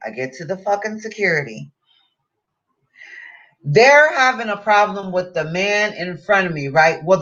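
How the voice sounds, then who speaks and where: A woman vlogger telling a story in a casual rant, heavy on swearing, acting out what people said. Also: fairly low pitch. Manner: profane, animated storytelling with acted-out quotes. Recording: dull lo-fi sound.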